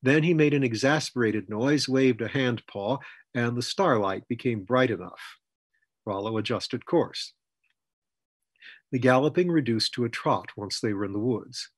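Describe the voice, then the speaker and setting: Male storyteller, husky mid-pitched voice, dry close recording. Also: no room sound. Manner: measured storytelling. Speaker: author reading his story. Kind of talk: scripted narration.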